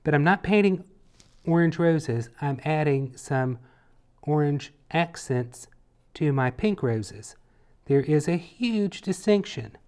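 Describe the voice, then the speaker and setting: A man teaching a painting lesson in a relaxed tutorial, chatty and playful as he talks while he works. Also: on the high side, takes it slowly, smooth. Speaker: painting instructor.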